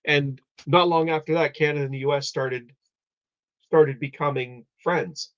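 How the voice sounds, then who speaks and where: A man's voice: fairly high pitch, steady tone, normal speed. A man hosting a live stream, explaining history in a rambling casual way with many restarts. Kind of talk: casual chat. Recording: dull lo-fi audio.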